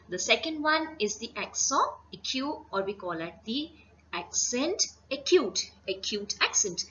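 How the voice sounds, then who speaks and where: A woman teaching a French lesson, speaking slowly and carefully and repeating each phrase for her students. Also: mid-range voice, sharp tone, muffled recording, slight background noise. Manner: slow, careful, repeats words. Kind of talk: classroom lesson.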